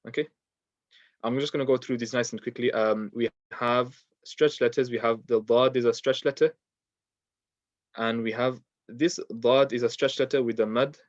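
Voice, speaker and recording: A man's voice: medium pitch, fairly even intonation, no echo. Patient man teaching Quran pronunciation. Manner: patient, repeats words slowly for practice, many fillers. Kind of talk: recorded online lesson, explaining pronunciation. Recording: dull, dry lo-fi sound.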